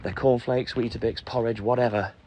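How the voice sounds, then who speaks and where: A man's voice: medium pitch, fairly even intonation, brisk, a little mellow, slight background noise. Chatty middle-aged milkman live-streaming. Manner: chatty, greets viewers and answers comments between stops. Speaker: self-employed milkman livestreaming. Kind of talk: casual live-stream chat while working. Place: on a night milk delivery round.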